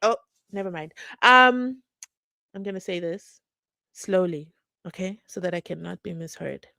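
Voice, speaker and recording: A woman's voice: lowish voice, measured pace, gravelly, sharp tone, no room sound. A woman hosting a live stream in casual chat, reacting animatedly to viewer comments. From South Africa.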